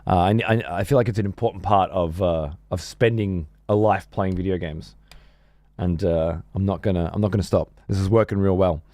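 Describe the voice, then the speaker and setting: A man's voice: low-pitched, normal speed, dark tone, dry recording. A middle-aged man streaming games, chatting casually in a rambling, profane way with many restarts. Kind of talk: casual gaming stream chat.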